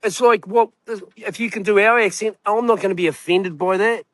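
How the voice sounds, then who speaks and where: A middle-aged man, a guest telling stories in casual chat, excitable and blunt. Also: high voice, moderate pace, no echo. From New Zealand. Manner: excitable storyteller, blunt and candid.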